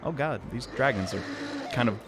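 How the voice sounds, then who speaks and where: A man's voice: mid-range voice, lively intonation, normal speed, noisy background. A man giving casual gameplay commentary as the host of a let's play, wry, sarcastic and chatty.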